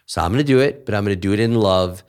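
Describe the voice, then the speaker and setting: A man who is a pastor, talking through a podcast conversation in an emphatic way and jumping up in pitch when he quotes people. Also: very fast, smooth. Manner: emphatic, animated when quoting others.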